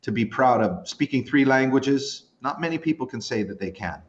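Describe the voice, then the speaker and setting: This podcast guest is a man in his fifties from Canada who wanders through lively stories and pokes fun at himself in casual conversation. He speaks at a normal pace with a medium pitch, captured in lo-fi audio.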